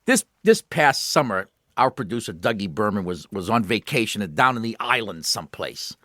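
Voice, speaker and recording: A man's voice: fairly low pitch, sing-song, normal speed, fairly bright tone, no echo, clean studio sound. A man co-hosting a jokey radio car show, telling jokes, stumbling over his words and laughing often.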